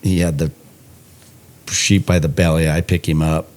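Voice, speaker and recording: Really deep guy, dark mellow voice, joking around on a dog training podcast. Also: level tone, moderate pace. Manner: joking, laughs often. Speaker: podcast co-host. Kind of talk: casual chat. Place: indoors podcast recording.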